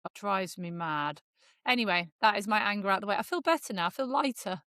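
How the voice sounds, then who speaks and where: A woman's voice: mid-range voice, animated, fairly quick, pushed and bright, dry recording, clean studio sound. A woman co-hosting a podcast in casual chat, blunt and ranting, swearing freely. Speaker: podcast co-host.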